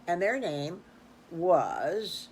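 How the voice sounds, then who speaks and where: An older woman spins a children's story off the cuff, folksy and rambling. Her pitch rises and falls in a very lively way. A faint noise sits under the voice. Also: very slow, low-quality recording. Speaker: storyteller grandmother.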